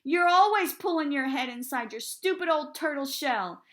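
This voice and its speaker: A woman reading aloud, voicing a stubborn ten-year-old girl who pleads and insists in a raised, higher voice. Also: expressive, moderate pace. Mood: defiant.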